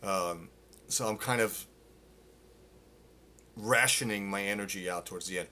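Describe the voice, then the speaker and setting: A middle-aged man teaching a live singing Q&A, explaining casually with lots of fillers and quick demonstrations. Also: lowish voice, bright, forceful tone, a little hiss or hum. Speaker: vocal coach.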